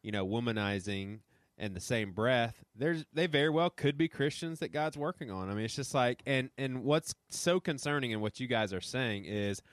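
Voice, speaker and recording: A man's voice: mid-range voice, expressive, normal speed, no echo, clean studio sound. A man hosting a podcast, speaking in an earnest, heartfelt way. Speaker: podcast host. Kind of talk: casual podcast conversation.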